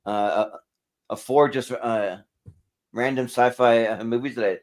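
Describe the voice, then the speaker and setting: Casual male podcast host, mid-pitch, loose rambling delivery. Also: measured pace. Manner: rambling, many fillers and restarts. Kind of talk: casual chat.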